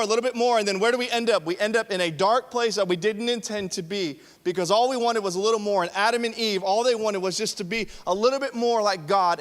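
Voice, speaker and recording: Animated man preaching in a hall. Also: sits high. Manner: animated, joking asides, rhetorical questions, acts out quotes. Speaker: young adult ministry pastor. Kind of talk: sermon. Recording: long hall reverb.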